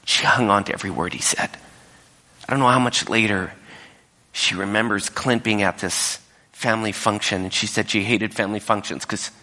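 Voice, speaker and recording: A male pastor delivering a sermon and telling a story, dropping to whispers and rising high when he quotes people. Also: sharp tone. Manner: storytelling, drops to whispers and rises high when quoting others. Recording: echoey hall with long reverb.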